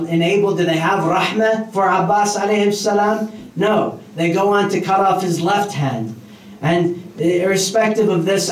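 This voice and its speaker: Guy giving a sermon, reciting verses and translating, bit high voice. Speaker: mosque speaker. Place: mosque hall. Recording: echoey hall, mic from far off.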